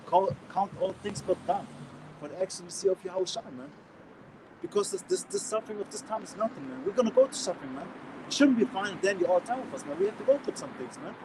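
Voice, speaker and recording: A man with a German accent teaching scripture in a casual, slangy way, restarting often and reading verses out louder. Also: sits high, background noise. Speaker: street preacher.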